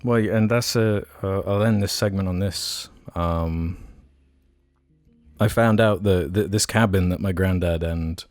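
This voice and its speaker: A man's voice: deep voice, unhurried, no room sound, faint music behind. A man co-hosting a podcast, telling a long rambling story in casual chat with plenty of fillers and restarts. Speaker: podcast co-host.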